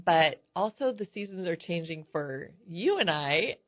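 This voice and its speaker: An older woman co-hosting a casual chat show, talking in a chatty, animated way. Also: on the low side, unhurried, no room sound. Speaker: co-host. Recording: dry, dull lo-fi sound.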